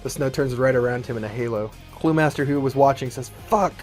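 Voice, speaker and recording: A man's voice: medium pitch, fast, a little mellow, faint music behind. Man narrating a fan-written action script. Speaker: storyteller.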